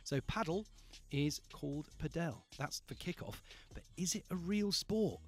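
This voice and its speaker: A man's voice: on the high side, normal speed. A man hosting a live evening radio call-in show, upbeat and playful, repeating phrases for emphasis, speaking into a studio microphone. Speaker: radio host.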